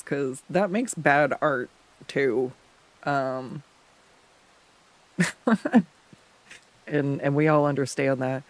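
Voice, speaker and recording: A man streaming his drawing work, chatting casually, laughing often and joking about himself. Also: mid-range voice. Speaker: art streamer. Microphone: desktop USB condenser mic.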